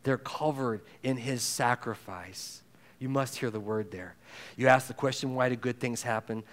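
A man preaching a sermon in a conversational way, acting out quoted voices and moving between loud emphasis and hushed intensity. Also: medium pitch, moderate pace. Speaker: pastor.

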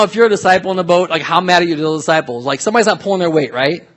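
A man preaching a sermon as pastor, telling a Bible story in a lively way, swinging from soft asides to loud acted-out voices. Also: sits high, racing, hardly any pauses.

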